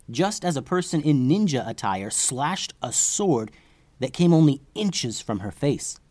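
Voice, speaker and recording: A man hosting a children's story podcast, reading expressively and dropping to a hush for tense moments. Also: medium pitch, no room sound. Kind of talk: storytelling for kids.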